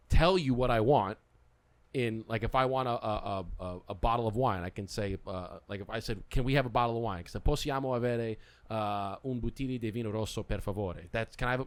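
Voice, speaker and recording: Middle-aged guy on a podcast, loose chatty storytelling, does little voices for people. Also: mid-range voice. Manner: animated storyteller who acts out quotes. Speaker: podcast host. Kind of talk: casual chat.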